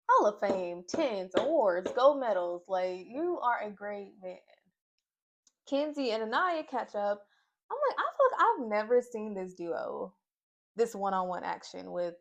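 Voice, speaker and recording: A young woman from Nashville giving a casual, opinionated recap of a reality show, full of fillers and asides. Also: mid-range voice. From Nashville, Tennessee. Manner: chatty, opinionated, lots of fillers. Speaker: reality TV reviewer. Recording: slightly dull lo-fi audio.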